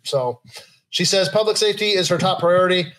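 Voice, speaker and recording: A young man, hosting a casual live show, reading news items aloud in a relaxed way, with lots of fillers and laughs. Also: sits high, a little fast, low-quality recording. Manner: easygoing, laughs often, trails off with fillers. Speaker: podcast host.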